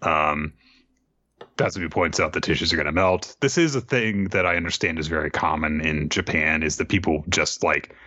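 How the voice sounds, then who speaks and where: A man casually recapping an anime episode as a podcast co-host, rambling with fillers and quick asides. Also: very deep voice, pushed and bright, dry recording, lo-fi sound. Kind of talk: casual chat.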